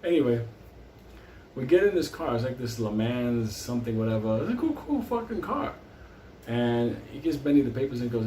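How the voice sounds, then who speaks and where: A man's voice: medium pitch, very animated, normal speed, dark tone, a little hiss or hum. A man telling a long comic story from his life, rambling and swearing constantly. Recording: roomy, distant mic.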